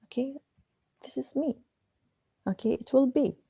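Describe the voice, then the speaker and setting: A woman talks slowly on a video call, her low voice gravelly and mellow. She speaks haltingly and tags "okay" onto her thoughts. The sound is dry and close. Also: fairly even intonation, no echo, poor audio. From Arab world. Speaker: retreat participant. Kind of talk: casual sharing in an online group.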